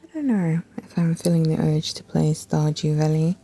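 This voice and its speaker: A woman's voice: low voice, moderate pace, dark tone, faint music behind. A woman hosting a gaming channel, chatting casually and rambling to herself while she browses, with laid-back, profane asides.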